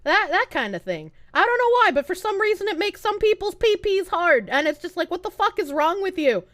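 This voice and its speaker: Woman streamer, high voice, lively swoops, giggly, rambling, dry close mic. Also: no room sound. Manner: giggly, rambling, quick laughs between lines. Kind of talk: casual live-stream chat.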